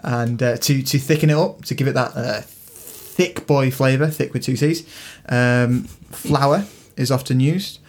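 A man's voice: medium pitch, measured pace, few pauses. A man co-hosting a casual podcast chat, explaining a dish at length with joking asides. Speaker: podcast co-host.

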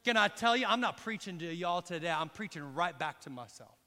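A middle-aged man preaching a sermon in a church, telling a personal story with lively, direct asides to the congregation. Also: high voice, a little fast. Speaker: pastor. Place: church hall. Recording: long reverb in a large hall.

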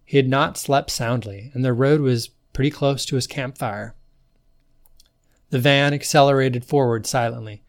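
A man narrating a story for his podcast, reading at a steady, even pace. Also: mid-range voice, moderate pace. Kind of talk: scripted narration.

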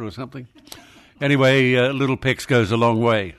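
A man's voice: medium pitch, moderate pace, smooth. A man hosting talk radio, blunt and dismissive with a dry manner. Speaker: radio host.

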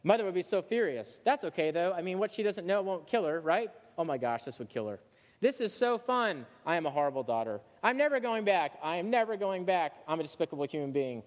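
A man reading out the lines of an anxious young woman who has run away, excitable and swinging between guilt and delight. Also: a little high, fast, few pauses, big-room sound, lightly acted. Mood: giddy guilty.

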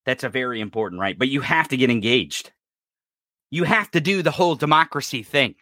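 Guy yelling and cussing on his podcast, pitch swinging all over, bright sharp tone, dry sound. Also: lively intonation, brisk, no room sound. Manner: angry, profane, shouting. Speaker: podcast host. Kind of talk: political rant.

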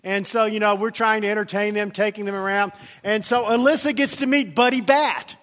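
A pastor with a high, slightly bright voice and fairly even intonation speaks a little fast, his words trailing into long reverb in a church sanctuary. During his sermon he tells a funny story, humorously acting out the voices of its characters.

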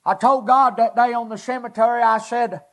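A man, preaching a personal testimony in earnest, halting, short emotional phrases. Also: extremely high pitch, fairly even intonation.

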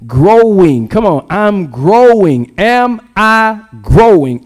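A pastor preaching a sermon, calling for the congregation to repeat after him and repeating key phrases. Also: male voice, on the high side, a little mellow.

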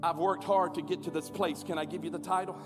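Pastor guy preaching in a big church, high voice, builds up to shouting, echoey hall w/ music playing under. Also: steady tone, quick pace. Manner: call-and-response preaching, swelling to shouts. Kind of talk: sermon. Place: large church auditorium. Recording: long hall reverb with music behind.

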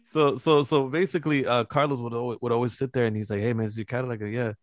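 A man hosting a podcast in casual chat, with a relaxed, slangy, rambling way of telling stories. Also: medium pitch, rapid-fire, no room sound, studio quality, faint music behind. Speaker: podcast host.

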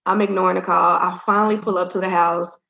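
A woman speaks as an interview guest, candid and rambling, her voice carrying a gravelly edge. The recording is roomy and a little dull, and her pitch sits in a middle range. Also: level tone, quick pace, sharp tone. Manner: candid, rambling, many fillers. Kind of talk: casual storytelling in an interview. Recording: roomy, dull-sounding audio.

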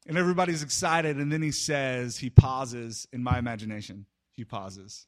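A man preaching a sermon, retelling a story with dramatic swings between loud outbursts and hushed pauses. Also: medium pitch.

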